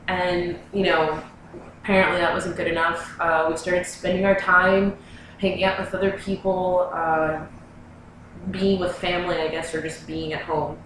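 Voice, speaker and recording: A woman's voice: on the low side, level tone, unhurried, noisy background. Young woman rambling in an echoey room. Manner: rambling, filler-heavy, lots of "like". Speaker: vlogger. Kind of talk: casual storytelling to camera. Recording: very echoey room, mic far away.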